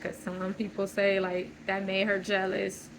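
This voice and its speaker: A woman's voice: mid-range voice, completely flat delivery, measured pace, background noise. A woman talking through a loose, searching personal monologue, full of fillers and restarts. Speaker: channel host.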